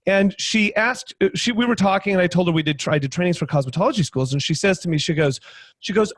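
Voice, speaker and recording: A man speaks in a high, lively voice, recorded close and dry on a video call. He tells a story with energy, putting on the voices of the people in it and tripping over his own restarts as he goes. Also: brisk, no echo. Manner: lively, acts out both sides of dialogue, many restarts. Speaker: guest panelist, sales trainer. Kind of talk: animated storytelling on a video panel.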